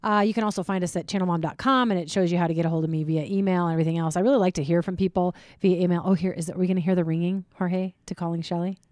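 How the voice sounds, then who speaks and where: A woman's voice: fairly low pitch, steady tone, very fast, hardly any pauses, darkish tone, no echo. A middle-aged woman hosting a casual radio talk show from a studio, chatty and playful, laughing often. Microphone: studio microphone.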